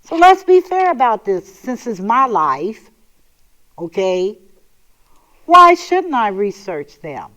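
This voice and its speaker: A woman's voice: a little high, big pitch swings, slow, long pauses, fairly bright tone, rough recording. A woman hosting a talk show, speaking in an emphatic, sassy and sometimes sarcastic monologue. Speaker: host.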